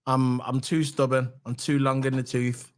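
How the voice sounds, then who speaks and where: A man's voice: medium pitch, flat delivery, moderate pace. A British man hosting a casual live stream, blunt and opinionated, repeating his phrases. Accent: British English. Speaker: streamer host. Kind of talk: casual chat.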